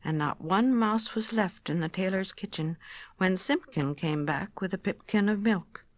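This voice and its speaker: Brief: female storyteller, soft children's story reading, middle pitch. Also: a little slow.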